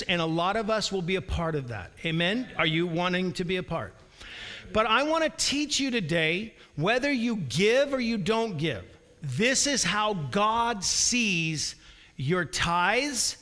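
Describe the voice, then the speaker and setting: Lively high-voiced preacher in a reverberant hall. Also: male voice. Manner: energetic, call-and-response with the congregation. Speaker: pastor. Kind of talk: sermon. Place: church sanctuary. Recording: long reverb of a large hall.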